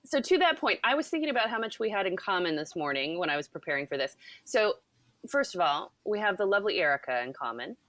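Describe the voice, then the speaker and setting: A woman's voice: on the low side, sing-song, fast, a bit bright, dry recording, clean studio sound. A woman hosting a podcast, chatting in a bubbly way and laughing often. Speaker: podcast host. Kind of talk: casual podcast conversation.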